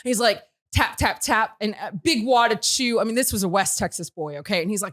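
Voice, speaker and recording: A woman hosting a studio podcast, telling a story with laughter and loud shouted quotes. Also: medium pitch, fairly quick, hardly any pauses. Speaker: show host. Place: radio studio.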